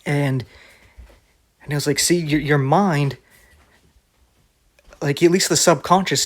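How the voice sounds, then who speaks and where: A man preaching in a casual, conversational sermon, often restarting his phrases. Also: a little high. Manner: conversational, with many restarts and filler words.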